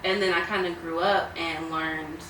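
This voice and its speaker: A woman's voice: on the low side, fairly even intonation, normal speed, reverberant, recorded from a distance, background noise. A woman co-hosting a podcast in casual conversational chat, often saying "you know what I'm saying.". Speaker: podcast co-host.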